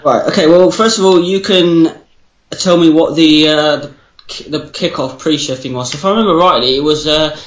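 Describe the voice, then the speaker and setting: A man's voice: on the high side, normal speed. A British man co-hosting a podcast over a Skype call, chatting casually, swearing freely and joking. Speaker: podcast co-host. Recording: roomy echoey Skype recording.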